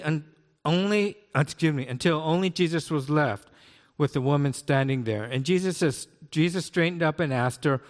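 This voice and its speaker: A man in his sixties preaching a conversational sermon as a pastor, often checking in with "right?". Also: a little high. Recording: long hall reverb.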